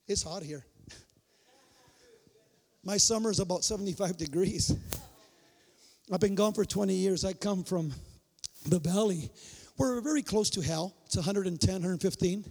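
High-pitched guy preaching, acts out the dialogue, lots of hall reverb. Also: moderate pace, long pauses. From Mexican-American migrant family. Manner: animated, acts out dialogue, shouts for emphasis. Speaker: pastor. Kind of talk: sermon with storytelling. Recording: long reverb of a large hall.

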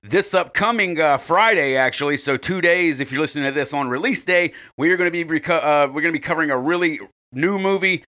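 A man's voice: fairly high pitch, quick pace, pushed and bright. A man co-hosting a casual podcast, rambling with lots of fillers and swearing. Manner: rambling, profane, many fillers. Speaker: podcast co-host.

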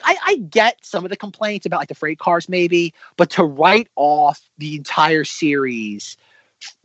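Rambling male podcast co-host, animated pitch. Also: dry recording. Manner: rambling, lots of fillers and restarts. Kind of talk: casual chat. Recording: slightly dull, lo-fi recording.

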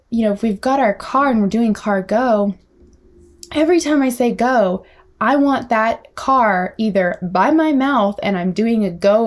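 An energetic young woman talks through speech-therapy tips in a lively teaching voice. Now and then she slows down and exaggerates words the way she would with a small child. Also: medium pitch. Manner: energetic, animated, demonstrates child-directed speech. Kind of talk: teaching talk.

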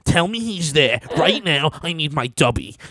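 Brash joking man, roasts freely with lots of swearing; slightly high voice, dry recording. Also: animated, normal speed, sharp tone, no echo. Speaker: guest guessing exes. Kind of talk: casual profane banter.

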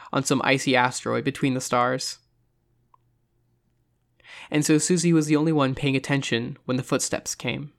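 Casting: suspenseful horror audiobook narrator, measured delivery, middle pitch. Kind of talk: horror story reading.

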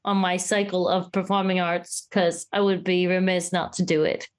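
Animated woman podcast co-host. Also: lowish voice, moderate pace. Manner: animated, acts out quoted voices. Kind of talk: casual chat.

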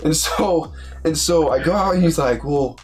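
Young male athlete, animated storyteller who acts out dialogue, faint music bed. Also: on the high side, normal speed. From Utah. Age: young adult. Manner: animated, acts out quoted voices, laughs often. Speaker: college football player, podcast co-host. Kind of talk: casual storytelling chat.

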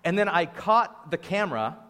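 High-voiced pastor with a sore throat, echoing hall. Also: male voice, normal speed. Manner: storytelling, lively and informal. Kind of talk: conversational sermon. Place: church venue. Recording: long hall reverb.

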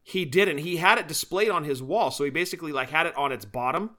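A man's voice: a little high, fast, sharp tone. A man co-hosting a podcast, chatting casually and enthusiastically about wrestling shows and collectibles. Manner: enthusiastic, chatty, laughs often. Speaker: podcast co-host. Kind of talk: casual chat.

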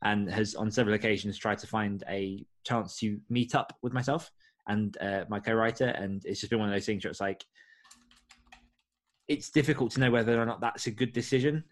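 A man from the UK hosting a writing podcast, talking in a friendly, measured, slightly formal way. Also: on the low side, steady tone. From United Kingdom. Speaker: podcast co-host. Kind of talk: podcast chat.

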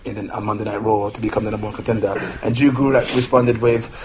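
A man co-hosting a casual podcast, relaxed and rambling, often laughing as he recaps news. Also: on the low side, fast. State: has a toothache. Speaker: podcast co-host. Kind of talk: casual chat. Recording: noisy home recording with clicks.

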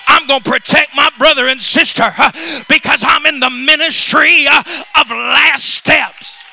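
A male pastor preaching a fiery sermon, shouting often and filling nearly every pause with "uh". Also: very high-pitched, creaky. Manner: fiery preaching with constant "uh" fillers.

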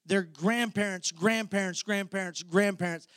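Guy preaching a sermon, kinda high voice, tells the story like he's there, asks the crowd stuff. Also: steady tone, normal speed, a bit bright, smooth, dry recording, clean studio sound. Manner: vivid storytelling, audience call-outs. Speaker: pastor.

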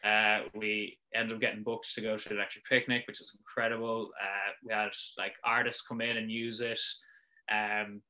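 A man's voice: on the low side, little pitch movement, moderate pace, bright, forceful tone. A young adult Irish man, a business founder, chatting as a guest in a casual rambling way with many fillers. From Ireland. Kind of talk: casual chat, storytelling.

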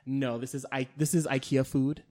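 A man's voice: mid-range voice, level tone, normal speed, a little mellow. A man guesting on a podcast, talking in a flamboyant, campy, giggly way in casual chat.

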